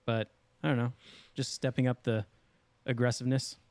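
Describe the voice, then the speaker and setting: A man's voice: mid-range voice, little pitch movement, moderate pace, darkish tone, dry recording. Easygoing joking podcast co-host man. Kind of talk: casual chat.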